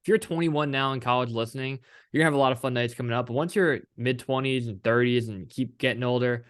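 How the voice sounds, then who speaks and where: A man's voice: medium pitch, quick pace. A young man co-hosting a football podcast, talking earnestly and addressing listeners directly. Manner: earnest, speeches to the audience. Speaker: podcast co-host. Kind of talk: sports talk podcast.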